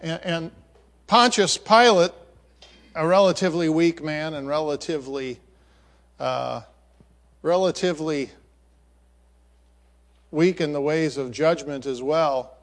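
A man's voice: on the high side, a little slow, long pauses. A man telling a scripture story as a sermon, pointing through a picture, stopping and repeating words as he goes. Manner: narrates a picture, acts out voices of the story.

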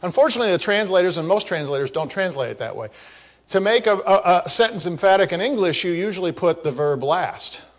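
A man's voice: sits high, expressive, a little fast. A man preaching a teaching sermon on prayer, explaining grammar with asides and repeating phrases for emphasis. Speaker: pastor.

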